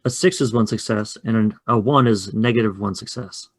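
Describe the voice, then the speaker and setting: A man casually running a two-player tabletop game, chatty and quick to laugh. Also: on the low side. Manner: chatty, laughs often, loose. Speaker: game facilitator. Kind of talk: casual actual-play chat.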